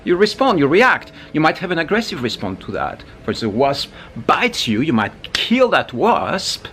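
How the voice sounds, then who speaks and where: Animated man teaching spiritual ideas. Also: fairly high pitch, normal speed, slight background noise. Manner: animated, many asides and restarts. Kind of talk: casual spoken teaching to camera.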